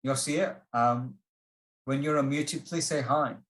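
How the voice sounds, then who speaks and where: A patient instructor leads an online test-prep workshop over a video call. The delivery is slow and measured, inviting and encouraging. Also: mid-range voice, steady tone, fairly bright tone.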